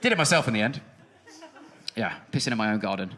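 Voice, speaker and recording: A man in his thirties doing a stand-up comedy set on a music hall stage, talking in a quick, sardonic way with sudden high outbursts. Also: expressive, fairly bright tone, some chatter behind. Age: 30s. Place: music hall stage before a live audience.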